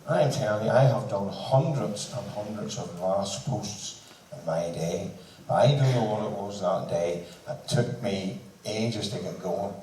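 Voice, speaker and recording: A band member addresses a seated crowd in a large hall between songs at a concert, telling a joking anecdote and quoting others in dialogue. His voice is lowish and dark, unhurried. It's recorded from far off in the echoey hall, with faint noise.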